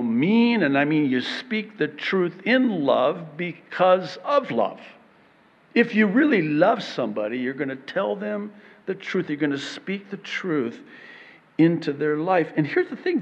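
A man preaching a sermon in an animated way, acting out short exchanges and laughing between points. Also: high-pitched, in a large hall, highs cut off. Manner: animated, acts out little dialogues with laughs. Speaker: pastor.

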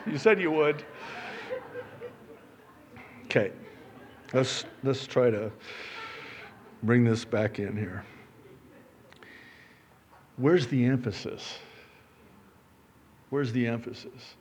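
Slow-paced joking male preacher. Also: medium pitch, animated, a little hiss or hum. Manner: joking, self-deprecating, swings from loud to quiet. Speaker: pastor. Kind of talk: sermon.

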